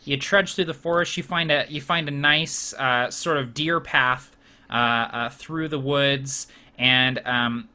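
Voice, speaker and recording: A man's voice: medium pitch, takes it slowly, pushed and bright. A man narrating a tabletop game as game master, loose and full of fillers.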